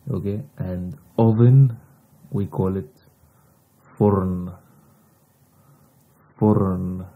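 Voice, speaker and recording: A man with an Egyptian Arabic accent, a native Arabic speaker teaching vocabulary in simple English, repeating each word slowly. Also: low voice, vocal fry, slightly rough, narrow, tinny audio. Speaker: language teacher. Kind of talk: casual vocabulary lesson.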